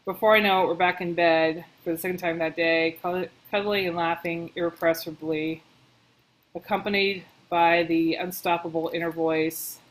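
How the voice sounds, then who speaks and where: A woman working as a book editor, reading passages aloud and thinking out loud in a casual, chatty way as she comments on them. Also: on the low side, steady tone, normal speed, slight background noise, rough recording.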